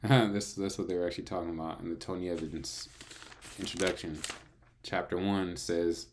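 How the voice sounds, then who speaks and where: A man's voice: deep voice, fairly even intonation, normal speed. A man reading through the Bible, breaking off into playful, chatty asides. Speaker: Bible reader and narrator. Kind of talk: casual Bible reading with commentary.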